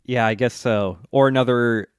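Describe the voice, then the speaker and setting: A man's voice: mid-range voice, fairly even intonation, normal speed, smooth, no room sound, clean studio sound. A man co-hosting a podcast, recapping episodes in casual chat and acting out character lines with laughs. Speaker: podcast co-host.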